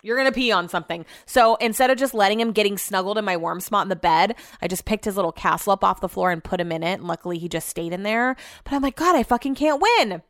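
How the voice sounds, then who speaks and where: A woman's voice: medium pitch, quick pace, few pauses, dry recording, clean studio sound. A young adult woman hosting a podcast, telling a story in a chatty, exasperated way and swearing freely. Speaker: podcast host. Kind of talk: casual storytelling monologue.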